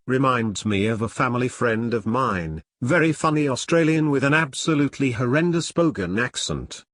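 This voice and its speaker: A man narrating online stories aloud in a steady, matter-of-fact reading voice. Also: medium pitch, normal speed.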